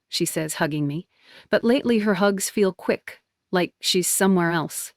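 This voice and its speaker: A young woman narrating a personal story in the first person, with a soft, even manner. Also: fairly low pitch, normal speed, no room sound, studio quality.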